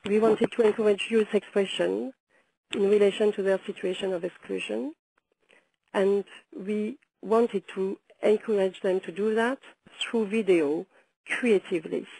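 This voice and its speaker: A woman speaking hoarsely from a sore throat, giving a measured webinar presentation with frequent hesitant pauses. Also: mid-range voice, fairly even intonation, warm tone, a little hiss or hum, rough recording. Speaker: presenter, founder of a video project. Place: London.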